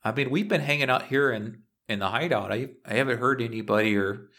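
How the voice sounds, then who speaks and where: A man's voice: mid-range voice, a little fast, pushed and bright. A man voicing a jittery male thief who stammers and pleads. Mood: nervous. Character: nervous male thief hiding underground.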